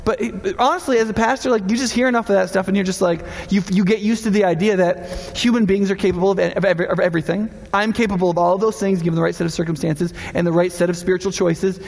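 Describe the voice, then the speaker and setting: A man's voice: high voice, gravelly, a little mellow. A man preaching as a pastor in a casual, conversational sermon, acting out the voices of people he quotes. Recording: long hall reverb.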